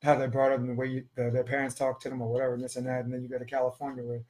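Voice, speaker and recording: A man's voice: mid-range voice, monotone, racing, darkish tone. A man from New York who coaches volleyball, telling a story on a podcast, acting out quotes and swearing freely.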